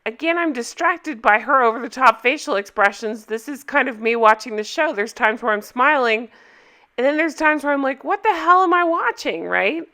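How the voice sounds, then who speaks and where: Bright, chatty woman vlogger. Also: on the high side, normal speed. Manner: chatty and expressive, laughs often. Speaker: TV review vlogger. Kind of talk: casual chat to camera.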